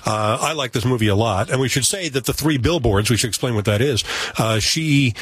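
A man co-hosting a casual movie review discussion, measured and explanatory with dry teasing. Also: medium pitch, a bit bright, breathy edge. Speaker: film critic co-host.

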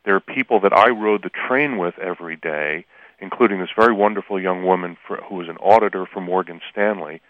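A man, a law professor, calling in to an interview over the phone, speaking earnestly and haltingly with frequent restarts. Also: sits low, no echo. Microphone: telephone. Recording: tinny, dry phone line.

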